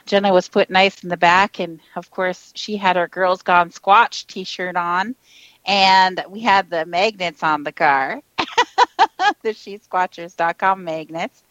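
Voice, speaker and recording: A woman co-host rambles through a story in a chatty voice and laughs now and then. Her voice is of middle pitch. It sounds dry and slightly muffled, with no room around it. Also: dry recording. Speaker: podcast co-host. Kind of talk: casual storytelling chat.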